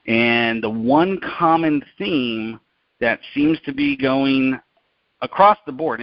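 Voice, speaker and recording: Male consultant-host, middle-aged, mid-pitched, unhurried and precise, dry and slightly muffled recording. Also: no room sound. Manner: slow, deliberate, repeats details carefully. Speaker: business consultant and podcast host. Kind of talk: live group call presentation.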